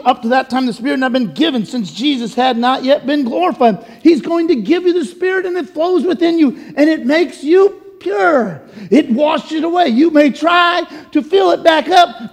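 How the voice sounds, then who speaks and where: A man preaching a sermon in a church, emphatic, swinging from loud to hushed. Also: extremely high pitch, gravelly, big-room sound. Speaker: pastor. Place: church sanctuary.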